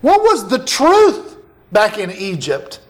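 A man with a high voice preaches in a relaxed, conversational way. He stops to read scripture passages aloud, then talks them through with his listeners. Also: slow pace. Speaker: pastor. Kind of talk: sermon with scripture reading.

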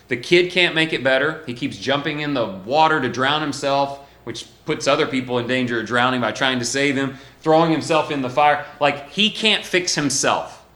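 A man preaches with a bright, forceful voice. He presses hard on key phrases, then drops to a near hush. The sound rings in a roomy, echoey church. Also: mid-range voice. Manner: emphatic, swings between loud and hushed. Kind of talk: sermon. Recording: echoey room.

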